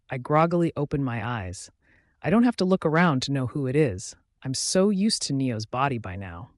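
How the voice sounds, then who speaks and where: A man's voice: a little high, no room sound, studio quality. Man reading a romance audiobook. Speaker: audiobook narrator. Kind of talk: scripted first-person narration.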